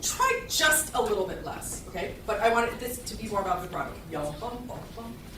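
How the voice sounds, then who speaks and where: A woman's voice: medium pitch, very animated, fairly quick, far from the mic, background noise. A woman teaching a violin master class, encouraging and chatty, singing phrases to show how they should sound. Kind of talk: live master class coaching. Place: concert hall with audience. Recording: echoey hall, voice from afar. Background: violin playing.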